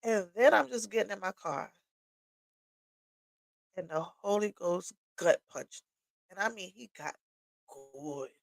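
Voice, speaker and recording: A woman sharing a personal story on a livestream, candid and blunt, tearful and sniffling. Her voice has a gravelly edge, and the sound is dry and close. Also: medium pitch, measured pace, pauses often, no room sound, rough recording. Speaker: livestream host. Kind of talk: personal testimony talk. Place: home workshop.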